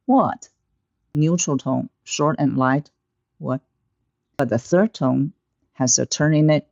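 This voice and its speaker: Slow, gravelly male language teacher. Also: on the high side, darkish tone, dry recording. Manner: slow, deliberate, instructive. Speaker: Mandarin pronunciation teacher. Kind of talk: scripted language lesson. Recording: dull, slightly lo-fi, dry sound.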